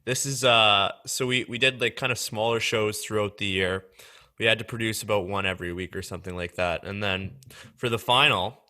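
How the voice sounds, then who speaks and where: A man's voice: on the low side, brisk, pushed and bright. A young man with a Canadian accent hosting a podcast, chatting casually and adding backstory. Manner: chatty, adds backstory with fillers. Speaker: podcast host.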